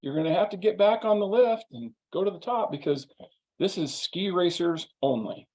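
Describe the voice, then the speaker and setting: A man's voice: high-pitched, animated, normal speed, darkish tone, pitched above the performer's own voice. A polite young woman operating a ski lift, as a male storyteller puts her on. She firmly repeats her requests in a raised voice. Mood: politely firm. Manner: politely firm.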